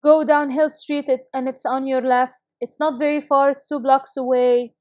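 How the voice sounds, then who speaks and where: Upbeat woman teacher with a high voice, full of praise, spells out phrases slowly for young learners; dry, close recording. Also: flat delivery, a little mellow, no room sound. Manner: encouraging, praises students often; slow, careful reading of model phrases. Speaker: English teacher. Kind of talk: recorded video lesson for schoolchildren.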